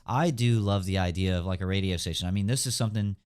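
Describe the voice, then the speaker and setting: Young guy hosting a gaming podcast, lowish smooth voice, rambly with lots of um and like. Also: quick pace, a little mellow. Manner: rambling, hedging with fillers. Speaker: podcast host. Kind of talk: casual chat.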